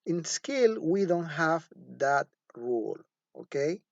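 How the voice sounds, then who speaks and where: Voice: mid-range voice, very animated, takes it slowly, gravelly, dry recording. A teacher giving a phonetics lecture, patient and repetitive, often checking in with the class. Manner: patient, repeats words and asks "okay?" often. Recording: dull lo-fi dry recording.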